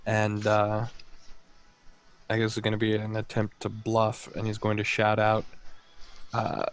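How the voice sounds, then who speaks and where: A man describing his character's actions as a player, relaxed with fillers. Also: fairly low pitch, unhurried, long pauses. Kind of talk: casual tabletop play.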